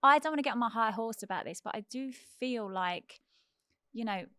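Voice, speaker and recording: A woman co-hosting a casual current-affairs chat, lively and frank. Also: a little high, moderate pace, clean tone, dry recording, clean studio sound. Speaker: co-host.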